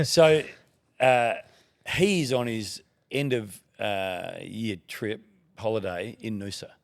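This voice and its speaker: A man's voice: fairly low pitch, slow, creaky. A middle-aged Australian man, a TV broadcaster guesting on a podcast, telling long rambling anecdotes in casual chat. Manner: rambling anecdotes with quoted dialogue. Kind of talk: casual storytelling.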